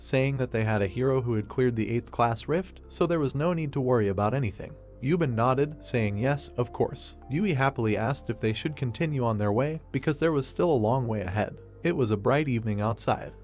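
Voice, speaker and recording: Man, story recap narration, steady third-person telling, faint music underneath. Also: medium pitch, a little fast, hardly any pauses.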